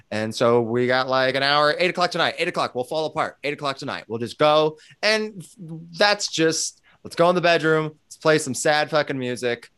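A man's voice: a little high, expressive, normal speed, hardly any pauses, fairly bright tone, clean tone. A man in casual conversation who talks animatedly, swears freely and acts out bits of dialogue. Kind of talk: casual chat.

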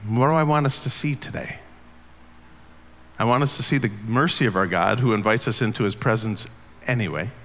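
Gravelly-voiced preacher guy, earnest, chatty sermon, lots of hall echo. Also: medium pitch, a little fast, a bit bright. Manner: earnest, conversational, asks the congregation questions. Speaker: pastor. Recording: long hall reverb.

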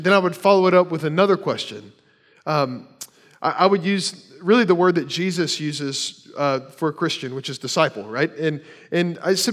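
A man's voice: fairly high pitch, lively intonation, fairly quick, a bit bright. A man preaching a sermon as a church pastor, conversational, with rhetorical questions and casual asides.

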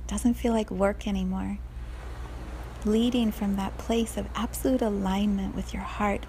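A woman speaking as a spiritual coach, reflecting softly after reading a story and slipping into whispers at times. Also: mid-range voice, steady tone, moderate pace, creaky, slight background noise. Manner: soft, gentle, slips into whispers.

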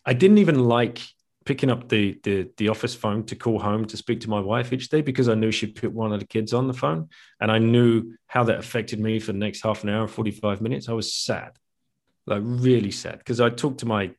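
A man's voice: lowish voice, a little fast, a little mellow. A middle-aged man, a guest author, telling his story candidly in a reflective conversational way, often restarting and laughing. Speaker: guest, author and podcast host.

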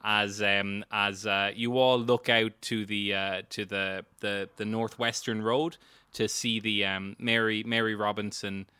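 Man, game master, rambling narration, bright clear voice, dry close sound. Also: lowish voice, flat delivery, unhurried, few pauses, no echo. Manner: rambling, many fillers and restarts.

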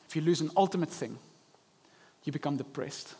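Young male pastor, high-pitched, animated sermon delivery. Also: fairly quick, husky. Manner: animated preaching, acting out inner voices. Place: church service.

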